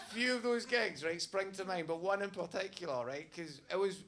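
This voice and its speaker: A man performs stand-up on a comedy stage with a handheld mic, his voice sitting a little high. He tells a story in a chatty, rambling way, tossing in "right?" as he goes. The live sound carries clear background noise. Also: moderate pace, few pauses. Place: comedy stage in front of an audience. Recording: live comedy club with audience laughter.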